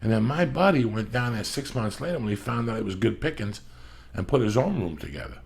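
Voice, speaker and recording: A man's voice: mid-range voice, lively intonation, brisk, vocal fry, slightly rough. A middle-aged man hosting a podcast, telling rambling stories in a casual chat, swearing constantly and pressing his points hard. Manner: profane, rambling, emphatic storyteller. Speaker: podcast host.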